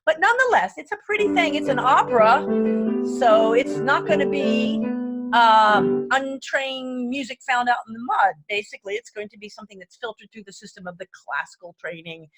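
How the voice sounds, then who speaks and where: A woman's voice: high-pitched, expressive, moderate pace, a bit bright, husky. A woman giving a casual online music lesson, chatty and enthusiastic, wandering off topic and counting beats aloud as she plays a keyboard. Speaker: music lecturer. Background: faint keyboard playing.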